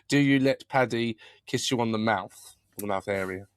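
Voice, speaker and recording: A man's voice: lowish voice, moderate pace, clean tone, dry recording. A man co-hosting a podcast, jokey and a bit hesitant, stammering through fillers. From United Kingdom. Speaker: podcast co-host. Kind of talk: casual chat.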